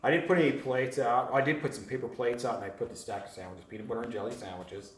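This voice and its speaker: A man's voice: medium pitch, fast, slight background noise. Rambling man telling a story, far off. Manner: rambling, animated, laughs often. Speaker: retreat guest telling his story. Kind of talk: casual storytelling to a group. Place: home on a mountain top. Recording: roomy sound from far off.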